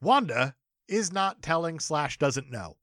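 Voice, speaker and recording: A man co-hosting a casual TV recap podcast, jokey and animated as he acts out the characters' lines. His voice is bright and lively, ranging widely in pitch. It sounds close and dry, with no room echo. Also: unhurried. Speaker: podcast co-host.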